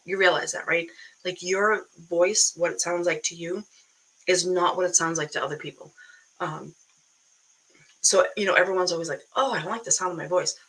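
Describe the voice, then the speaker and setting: Boston woman, online business coach, punchy and upbeat, bright forward tone, talks straight to camera. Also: medium pitch, rough recording. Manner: blunt, animated, keeps asking "right?". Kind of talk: casual motivational talk to camera.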